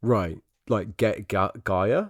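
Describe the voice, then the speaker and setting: A man's voice: lowish voice, slow, dry recording, studio quality. A man co-hosting a podcast in a casual comedy chat, laughing often and swearing freely as he riffs on silly ideas. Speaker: podcast co-host.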